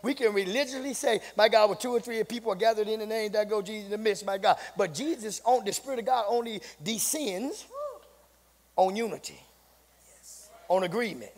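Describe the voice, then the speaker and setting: A man, the pastor, a sermon and building to shouts, saying "my God" between phrases. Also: high voice, fairly quick. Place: church sanctuary. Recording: long hall reverb.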